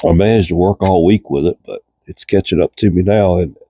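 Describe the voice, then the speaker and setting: A US man with a cold hosts a reel repair channel, giving a folksy, chatty fishing reel repair tutorial in a cold garage. His voice sits low and warm, congested, with frequent coughing and throat clearing. The recording is dry.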